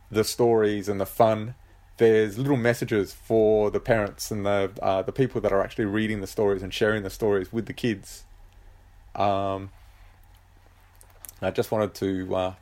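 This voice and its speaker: A man who writes books, talking casually on his own show, hesitant and full of ums and uhs. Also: lowish voice. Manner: relaxed, rambling. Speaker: author and podcast host. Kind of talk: casual solo chat.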